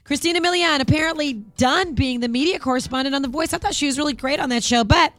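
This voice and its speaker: A woman reporter running an entertainment news segment on a morning radio show, brisk and chatty. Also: high-pitched, fairly bright tone. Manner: brisk, chatty delivery of headlines.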